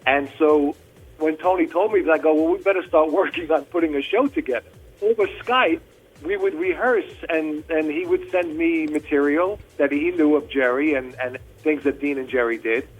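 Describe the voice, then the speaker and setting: A man's voice: fairly high pitch, normal speed, slightly rough, muffled recording, soft background music. An American man, a tribute performer, recounting how things came together in an easygoing, conversational way on a radio interview. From United States. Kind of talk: casual interview storytelling.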